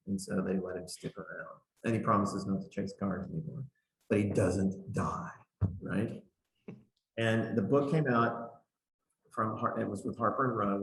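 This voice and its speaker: Guest author, male, low-pitched, lively storyteller who acts out the dialogue, recorded in an echoey room. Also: vocal fry. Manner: animated anecdote teller, acts out dialogue. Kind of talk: storytelling in an interview. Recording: roomy echo.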